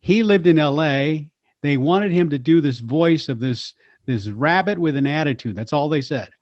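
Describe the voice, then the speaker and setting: Animated male impressionist telling stories. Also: a little high, moderate pace, no room sound. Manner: animated storyteller, slips into voices. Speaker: voice actor and impressionist, guest. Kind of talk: storytelling chat. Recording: slightly dull lo-fi sound.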